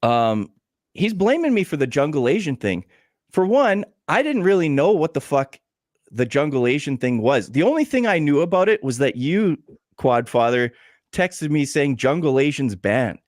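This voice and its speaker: A podcast host talks in a casual, uncensored way about how he was mistreated, sounding aggrieved and blunt and swearing heavily. His fairly high voice swings widely in pitch at a normal speed, slightly mellow, in clean studio sound with no echo.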